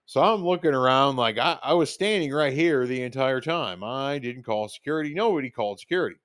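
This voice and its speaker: A man tells his own stories in a loose, rambling way, full of fillers and little restarts, and he slips into quoting himself as he goes. His voice sits at an ordinary middle pitch for a man. It is recorded close up, with almost no room sound. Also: lively intonation, fairly quick, fairly bright tone, no echo. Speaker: podcast host telling stories. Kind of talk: casual storytelling monologue.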